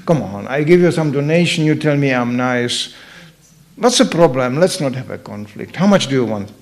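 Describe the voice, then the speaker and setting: A man acting out a soft, coaxing male merchant who pleads to settle things with money. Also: medium pitch, expressive, moderate pace, creaky, voice pushed down. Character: soft wheedling male merchant eager to pay off conflict.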